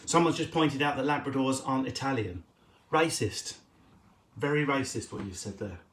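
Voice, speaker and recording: A male comedian answering audience questions in a casual, energetic, jokey way. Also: medium pitch, normal speed, roomy sound, slight background noise. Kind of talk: casual Q&A chat.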